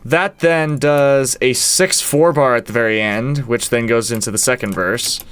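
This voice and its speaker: A man's voice: medium pitch, a little slow, a bit bright, slight background noise. A man who is a band's producer and guitarist, casually walking through how a song was made and counting out its beats aloud. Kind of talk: casual walkthrough of a song's production.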